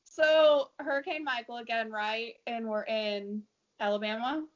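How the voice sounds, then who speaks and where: A woman's voice: a little high, fairly even intonation, unhurried. Earnest woman chatting, lo-fi sound. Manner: open, earnest, giggly. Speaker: co-host. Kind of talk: casual heart-to-heart chat. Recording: dull lo-fi sound.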